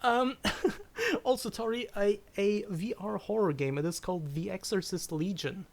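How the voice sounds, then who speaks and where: A woman's voice: medium pitch, normal speed, darkish tone. A woman chatting casually on a live game stream, giggling often, stumbling over her words and swearing when startled. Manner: giggly, stammers and restarts often. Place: at home.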